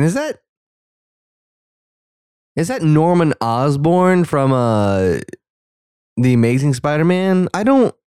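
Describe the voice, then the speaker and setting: A man's voice: medium pitch, a little mellow, dry recording, studio quality. A young man giving casual, sarcastic commentary while watching a movie, full of joking asides.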